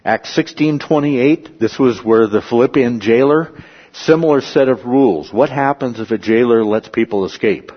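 A man teaches a Bible lesson with a husky, mid-pitched voice. He is animated and acts out the quotes, asking the room "okay?" and "right?" as he goes. The recording sounds slightly dull and muffled. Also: moderate pace. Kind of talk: lecture on scripture.

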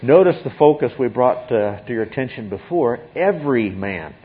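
Husky guy teaching the bible, keeps saying okay, emphatic, dull lo-fi sound. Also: mid-range voice, lively intonation, normal speed. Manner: emphatic, often checks in with "okay?".

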